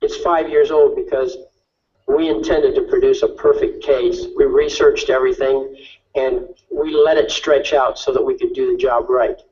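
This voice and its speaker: A man's voice: mid-range voice, steady tone, moderate pace, a little mellow, distant mic. Man lecturing on court tactics, lo-fi. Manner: instructive, asks rhetorical questions, keeps checking with "okay?". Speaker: speaker on legal tactics. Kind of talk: lecture-style talk.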